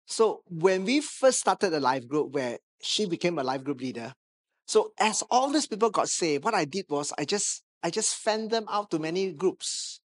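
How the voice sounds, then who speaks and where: A man with a Malaysian English accent, preaching a sermon as a pastor, telling a lively anecdote with touches of humor. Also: high-pitched, moderate pace. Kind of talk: sermon storytelling. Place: church stage.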